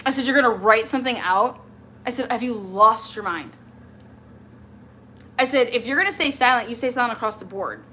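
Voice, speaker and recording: A woman hosting a livestream rants in exasperation, confronting someone who isn't there by speaking directly to them. Her fairly high, expressive voice is pushed and bright, a little fast with long pauses, over slight background noise.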